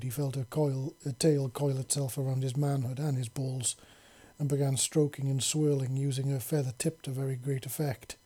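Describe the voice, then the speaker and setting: A man reading a story aloud in a steady, unhurried way. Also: medium pitch, husky. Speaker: narrator.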